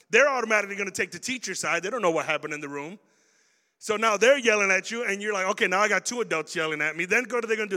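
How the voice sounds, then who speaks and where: Male preacher, high and animated, acts out scenes for a young crowd; hall echo. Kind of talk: sermon to young people.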